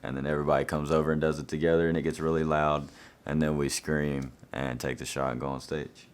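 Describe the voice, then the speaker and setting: A man's voice: extremely low pitch, level tone, fast, clean tone. A young man, reading out fan questions and answering them in an easygoing, laid-back way.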